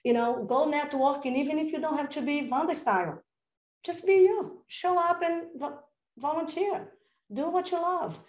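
Woman, high voice, energetic, enthusiastic, coach on a podcast, echoey room. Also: moderate pace. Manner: energetic and enthusiastic, acts out little dialogues. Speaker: real estate coach, podcast guest. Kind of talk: casual interview talk.

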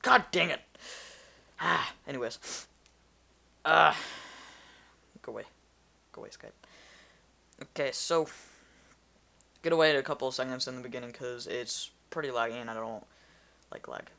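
A man's voice: medium pitch, steady tone, normal speed, vocal fry, long pauses, pushed and bright. A man giving casual gameplay commentary, rambling and easily distracted, talking to himself as he plays. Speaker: gamer.

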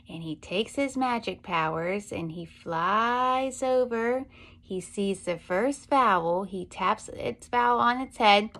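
Slow, sing-song woman teaching phonics. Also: medium pitch, fairly bright tone. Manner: slow, sing-song storytelling with drawn-out sounds. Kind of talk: phonics lesson for young children.

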